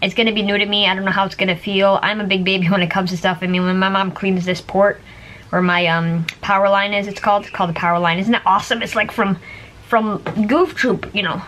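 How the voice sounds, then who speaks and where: A woman's voice: medium pitch, steady tone, fast, fairly bright tone, slight background noise. A woman vlogger chatting casually to camera, rambling with lots of fillers and little laughs.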